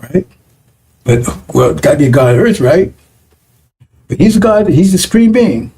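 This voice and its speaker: A man's voice: on the high side, big pitch swings, moderate pace, warm tone, slight background noise. A man preaching a broadcast sermon in a conversational teaching manner, often stopping to check with listeners. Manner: conversational, repeats 'right?' and 'see?' to check listeners.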